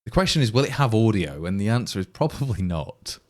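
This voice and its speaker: A man's voice: on the low side, big pitch swings, brisk. A man with an East Midlands English accent, from Leicestershire, chatting casually on a live coding stream, thinking aloud and answering viewers. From England, Leicestershire. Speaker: programmer livestreaming his coding.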